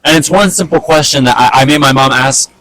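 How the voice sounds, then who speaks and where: A young man casually telling a personal story on a vlog, animated and exasperated, with lots of fillers and swearing. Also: medium pitch, a little fast, no room sound, poor audio. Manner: animated, fed-up retelling full of fillers and swearing.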